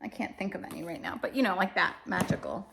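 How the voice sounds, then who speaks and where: A woman's voice: mid-range voice, fast, gravelly, noisy background. A woman chatting casually about her family's reading, rambling a little and correcting herself as she goes. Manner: emotional, self-deprecating. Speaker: homeschooling parent reviewing books. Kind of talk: casual chat.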